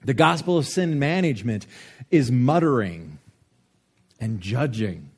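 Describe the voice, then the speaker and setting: A man preaching a sermon, joking and animated, with lots of rhetorical questions, in a church. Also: medium pitch, unhurried, breathy edge. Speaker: pastor.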